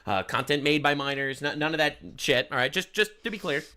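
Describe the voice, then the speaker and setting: A man's voice: fairly high pitch, brisk, pushed and bright, clean tone. A man giving casual commentary on a clip, with many ums and restarts. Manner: hesitant, filler-heavy. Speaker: commentary video creator.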